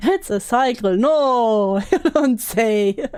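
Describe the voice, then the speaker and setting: A woman's voice: fairly high pitch, expressive, very slow, pauses often, darkish tone. A woman hosting drama commentary, making dry, sarcastic asides. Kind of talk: casual commentary.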